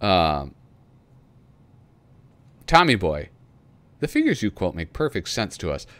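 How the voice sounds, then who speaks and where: A man's voice: sits low, wildly swooping pitch, takes it slowly, fairly bright tone, dry recording. A man hosting a casual magazine flip-through, reading letters aloud and rambling with frequent chuckles. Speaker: host flipping through a magazine.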